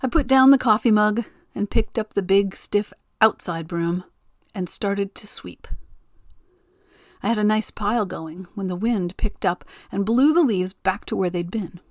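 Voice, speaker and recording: A woman narrating a storybook tale in a gentle, expressive way. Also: mid-range voice, a little slow, no room sound, clean studio sound.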